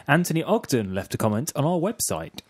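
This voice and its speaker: Relaxed, joking British co-host, slightly husky, mid pitch. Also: male voice, a little fast, no echo. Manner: easygoing, joking. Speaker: podcast co-host. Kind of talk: casual chat.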